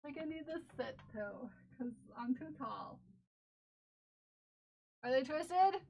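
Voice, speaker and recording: A woman with a high, warm, creaky voice speaks slowly but with lively intonation while streaming a crafting project. Chatting casually with viewers, she laughs and talks to herself, and the slightly dull lo-fi audio carries slight background noise.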